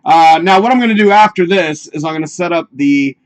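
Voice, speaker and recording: Kinda high-voiced dude live streaming, cussing at his files, rambly and loose. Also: a little fast. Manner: profane, rambling, talks to himself while working. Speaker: livestream host. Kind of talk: casual live-stream chat.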